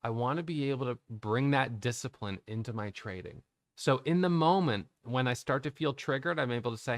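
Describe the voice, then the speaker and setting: A man's voice: mid-range voice, fairly quick, no room sound, clean studio sound. A middle-aged man, a day trading educator, candidly thinking aloud about his trades, questioning himself and restarting sentences. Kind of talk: reflective trading recap to camera.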